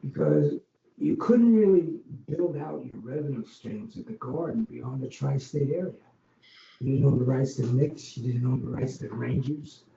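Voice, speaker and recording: A man's voice: medium pitch, very animated, normal speed, creaky, dark tone. An older man from Long Island, a former arena executive, telling rambling stories as an interview guest, full of ums and restarts. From Long Island, New York. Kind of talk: casual interview storytelling. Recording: dull, roomy podcast audio with faint noise.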